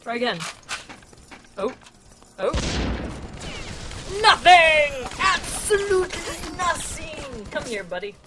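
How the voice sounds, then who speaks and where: Excitable giggly woman gaming. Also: sits high, takes it slowly, pauses often. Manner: excitable, giggly, shouts at the game. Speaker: let's play host. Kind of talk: casual gameplay commentary. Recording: noisy game audio in background.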